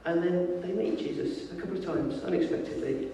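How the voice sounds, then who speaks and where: A man preaching a sermon in lively, informal storytelling, acting out the voices of the people in the story. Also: sits high, a little fast, a little hiss or hum. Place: church. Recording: echoey hall from far off.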